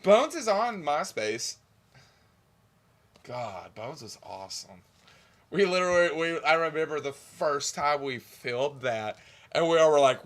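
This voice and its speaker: A man's voice: on the high side, lively intonation, normal speed, fairly bright tone. A young man casually chatting on a stream, rambling and swearing as he reminisces about old videos. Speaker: stream co-host.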